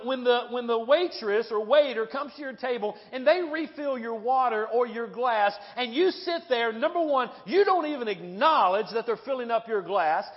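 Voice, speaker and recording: A male pastor preaches with a high voice, spinning stories and often turning to the congregation with "right?" and "okay?". His voice rings with a long reverb through a church hall, and the audio is dull and muffled. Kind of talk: sermon.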